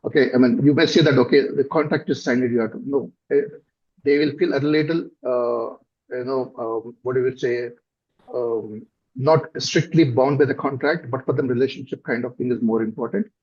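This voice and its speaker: A middle-aged man with a South Indian accent gives interview answers in a husky voice at an average pitch for a man. He talks thoughtfully and haltingly, pausing on fillers and restarting phrases. The recording sounds dull and lo-fi. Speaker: company director, guest.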